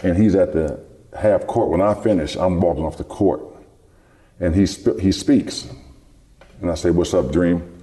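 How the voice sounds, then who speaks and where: A middle-aged man with a strikingly low, dark voice tells a rambling story in an interview. He acts out the voices of the people he quotes as he goes. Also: normal speed, pauses often. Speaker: guest, former basketball player.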